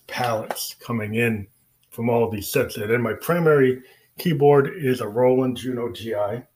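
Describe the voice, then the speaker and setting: A man who is a musician, talking casually and rambling about his music with many fillers and restarts. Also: medium pitch. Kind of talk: casual spoken explanation.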